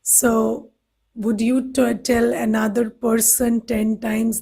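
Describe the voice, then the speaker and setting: A woman with an Indian English accent giving a gentle, questioning meditation lesson. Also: a little high, little pitch movement, takes it slowly, slightly rough. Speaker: meditation teacher. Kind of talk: spiritual talk to a class.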